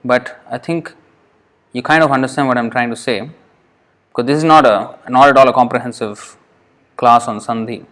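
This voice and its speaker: Guy teaching verse pronunciation, patient, kinda halting, repeats words slow. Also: medium pitch, fairly even intonation, a bit bright. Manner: halting, with fillers and self-corrections. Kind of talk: classroom lesson.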